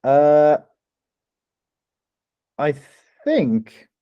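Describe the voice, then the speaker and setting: A man's voice: fairly high pitch, huge pitch swings, very slow, clear, resonant tone, no echo, highs cut off. A young Irish man co-hosting a casual film review chat, chatty and laughing often, with frequent restarts. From Ireland. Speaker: podcast co-host.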